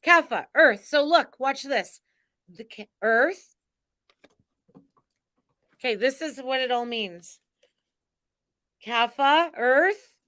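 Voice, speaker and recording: A woman's voice: sits high, fairly bright tone. A woman hosting a live spiritual card reading, talking in an exuberant, theatrical way with chanting and cheering.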